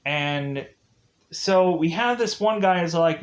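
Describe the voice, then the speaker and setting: A man's voice: on the high side, animated, takes it slowly. Rambling young-sounding man reviewing a show. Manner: rambling, many fillers, laughs while retelling scenes. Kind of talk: casual spoken review.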